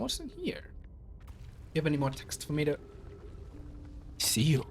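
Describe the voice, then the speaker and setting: A young man playing a game blind, thinking aloud and reading its lore text in a measured voice. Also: fairly high pitch, huge pitch swings, slight background noise. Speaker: let's play streamer.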